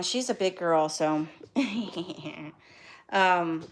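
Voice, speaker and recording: A woman's voice: medium pitch, steady tone, normal speed, a bit bright. A woman in her forties, a dog breeder chatting casually on a live stream from a bedroom at home. She rambles, with many ums and restarts. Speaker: dog breeder and kennel owner. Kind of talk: casual live stream, reading viewer comments. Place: home bedroom with a whelping box, indoors. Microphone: phone.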